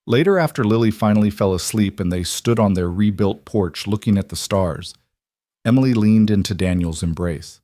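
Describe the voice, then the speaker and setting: A man reading a scripted story aloud in an even, measured way. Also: lowish voice, no echo, studio quality. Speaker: narrator.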